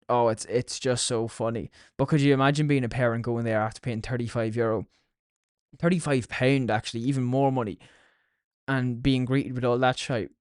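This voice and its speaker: A man's voice: mid-range voice, darkish tone, smooth, no room sound, studio quality. A young Irish man hosting a solo podcast, talking casually with plenty of swearing and mockery. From Ireland. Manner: sweary, mocking. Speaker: podcast host.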